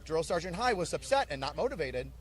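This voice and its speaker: With a fairly high, brisk voice, this army drill sergeant narrates stories animatedly in an interview setting. Whenever he quotes orders, he barks them.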